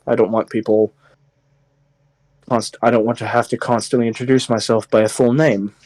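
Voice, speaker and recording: A man's voice: medium pitch, little pitch movement, normal speed, a little mellow, no echo. A man playing a tabletop game, talking briefly and matter-of-factly. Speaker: player.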